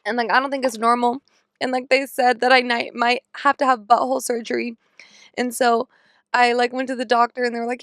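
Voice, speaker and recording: Candid, profane young woman with a crisp voice. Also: fairly high pitch, little pitch movement, a little fast, no echo, studio quality. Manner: candid, profane, comically exasperated storytelling. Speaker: podcast host. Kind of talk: casual chat.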